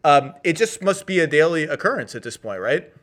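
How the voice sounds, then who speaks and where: A man's voice: on the high side, very animated, fairly quick, fairly bright tone. Eager man asking rambling questions. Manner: eager questioner who thinks aloud while asking. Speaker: podcast host. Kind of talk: casual interview conversation.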